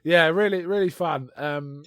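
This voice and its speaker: A man on a podcast, casually retelling a film in a rambling, animated way with restarts. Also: a little high, unhurried. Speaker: podcast co-host. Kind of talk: casual chat reviewing a film.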